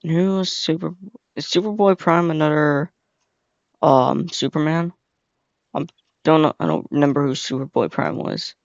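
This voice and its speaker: A man's voice: on the high side, lively intonation, normal speed, vocal fry, long pauses, dry recording. A young man hosting a casual reaction video, rambling with lots of fillers and slang. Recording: dull, lo-fi, dry sound.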